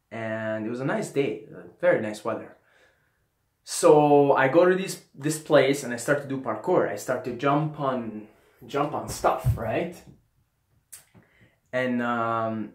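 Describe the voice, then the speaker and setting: Young man, casual storytelling, animated, swears, sometimes mumbles, echoey room. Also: mid-range voice. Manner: animated, swearing, drops to mumbling and whispers when quoting himself. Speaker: vlogger. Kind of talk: casual storytelling trip report.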